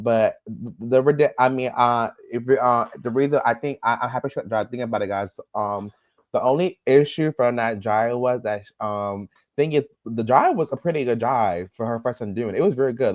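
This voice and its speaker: Gushing, halting man co-hosting a podcast. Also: medium pitch, no room sound, highs cut off. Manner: earnest and gushing, halting with restarts. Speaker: podcast co-host. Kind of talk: casual chat.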